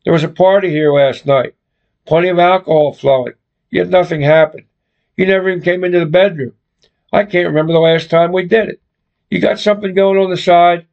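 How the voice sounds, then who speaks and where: A man's voice: sits high, steady tone, brisk, creaky. A man voicing a fed-up young woman who confronts her boyfriend bluntly and swears freely, on a dull lo-fi recording. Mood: resentful.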